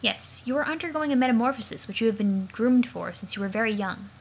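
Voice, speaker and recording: A woman voicing a calm, knowing young woman who patiently explains, for a let's play of a comic. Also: a little high, quick pace, slightly rough, low-quality recording.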